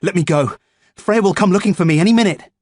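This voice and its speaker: A man's voice: sits high, a little fast, no room sound, clean studio sound, voice pushed up, close to an everyday voice. A man reading an audiobook, voicing a frightened but defiant teenage boy with a raised, panicked voice. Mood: desperate. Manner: panicked, shouting.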